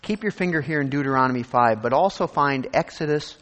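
A man preaching a sermon, animated and conversational, acting out scripture verses and imagined voices. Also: mid-range voice, a little fast, big-room sound. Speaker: pastor.

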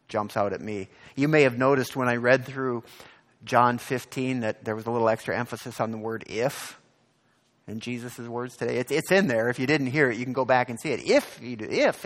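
A man preaching a sermon in a conversational way, often asking his listeners questions and reading passages aloud slowly with emphasis. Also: mid-range voice, gravelly, breathy edge. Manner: conversational, asks the congregation questions, frequent "right?". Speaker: pastor.

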